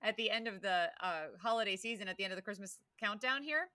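Woman podcast cohost, bright voice, dry close mic, giggly and chatty. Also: medium pitch, fast, no echo. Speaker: podcast co-host. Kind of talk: casual chat.

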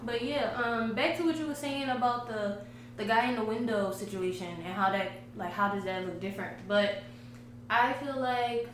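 A woman's voice: a little high, normal speed, a bit bright, far from the mic. A woman speaking loosely in a casual conversation, leaning on fillers as she goes. She sits a bit back from the mic. A strong echo and faint noise fill the room. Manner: conversational, uses many fillers like "like" and "um". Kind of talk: casual debate chat.

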